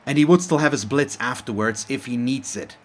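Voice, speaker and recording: A man's voice: mid-range voice, a little fast. A man commentating his own game as host of a let's play, talking in a frustrated, openly salty way with frequent sighs. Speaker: gaming channel host.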